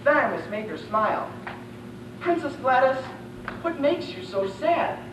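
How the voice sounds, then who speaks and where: A man's voice: very high voice, sing-song, unhurried, noisy background, full character voice. A young man playing a timid young man who becomes king, earnest and nervous, recorded far off in an echoey room. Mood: worried.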